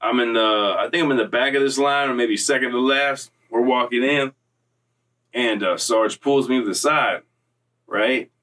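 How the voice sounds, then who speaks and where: A man's voice: mid-range voice, moderate pace, distant mic. Streetwise man telling a story, slightly off-mic. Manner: streetwise slang, animated retelling with quoted voices. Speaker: storyteller recounting prison time. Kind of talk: casual storytelling.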